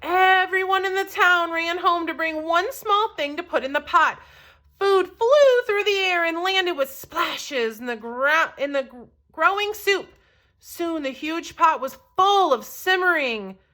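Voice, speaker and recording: A woman teacher reading a storybook aloud to children, pausing to ask questions in an encouraging, expressive way. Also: extremely high pitch.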